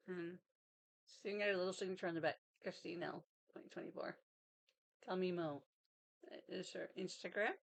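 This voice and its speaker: Casting: woman vlogger, slightly low voice, casual rambling chat at home desk. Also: steady tone, moderate pace, vocal fry, long pauses. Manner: chatty, rambling, laughs often.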